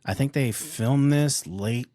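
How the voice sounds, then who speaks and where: A man's voice: mid-range voice, takes it slowly, dark tone, no room sound, clean studio sound. A man co-hosting a paranormal podcast in casual chat, often chiming in with short agreements. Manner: affirming, frequent short agreements. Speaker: podcast co-host.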